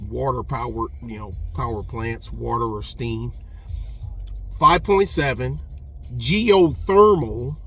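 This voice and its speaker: A man's voice: medium pitch, fairly bright tone. A middle-aged man giving rambling, folksy casual commentary, often drifting off on tangents. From Texas. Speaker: channel host.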